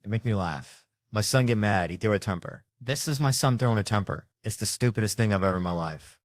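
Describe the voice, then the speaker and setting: A man doing stand-up comedy, telling stories in a loose, conversational way with animated asides. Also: lowish voice, fairly quick, no echo, clean studio sound.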